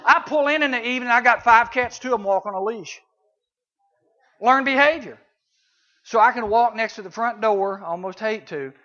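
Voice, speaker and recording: High, bright man telling stories. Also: moderate pace. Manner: storytelling with sound effects and voices. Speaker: camp speaker. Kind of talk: folksy teaching talk to youth. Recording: dull lo-fi recording.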